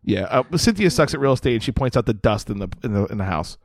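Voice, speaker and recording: Lively sarcastic podcast man. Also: mid-range voice, fast. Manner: sarcastic, profane, laughs often. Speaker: podcast co-host. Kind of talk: casual movie-review chat.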